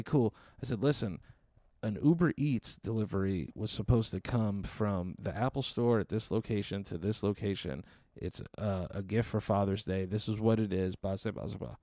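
A man in his thirties telling a profane, exasperated comic story as a podcast host, quickly acting out the people in it. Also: fairly low pitch, warm tone, no echo. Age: 30s. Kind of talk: solo comedic storytelling.

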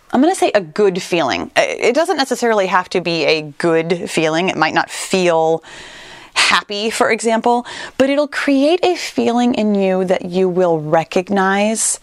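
A woman giving an earnest motivational talk to her listeners, stressing key words and stretching them out for emphasis. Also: dry recording. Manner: earnest and emphatic, with animated pitch leaps and drawn-out stressed words.

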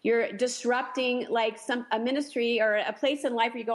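A woman hosting a casual radio talk show, chatty and quick to laugh. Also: on the high side, steady tone. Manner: chatty, warm, laughs easily.

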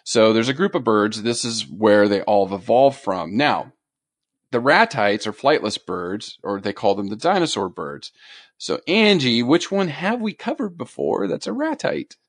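Male podcast co-host, casual and animated, lively pitch, dry close sound. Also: normal speed, no room sound. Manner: animated storytelling, laughs often. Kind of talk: casual chat.

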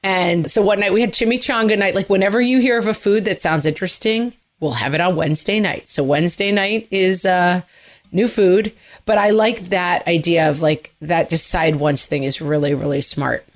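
Rambling, animated woman podcast co-host. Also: lowish voice, normal speed. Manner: animated, rambling, self-deprecating. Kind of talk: casual chat.

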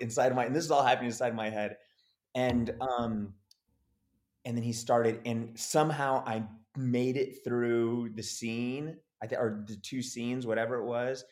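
A man telling a story in a casual interview, animated and acting out the voices of the people in it. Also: medium pitch. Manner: animated, acts out quoted voices. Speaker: actor guest.

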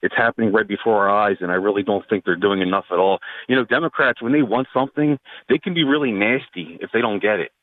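Male radio caller, earnest, talks fast, lowish voice, heard over a thin phone line. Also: no echo. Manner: earnest, agreeing. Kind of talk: call-in radio conversation.

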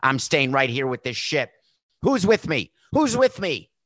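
A man's voice: medium pitch, very animated, a little slow, fairly bright tone, no echo, clean studio sound. A man doing a breezy mock-cheerful boss on a sinking ship. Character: smug male club boss staying on a sinking ship.

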